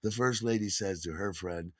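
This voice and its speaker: A man's voice: low-pitched, normal speed, breathy edge, dry recording, studio quality. A man telling a long personal story in a wry, digressive, chatty way. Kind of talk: spoken storytelling monologue.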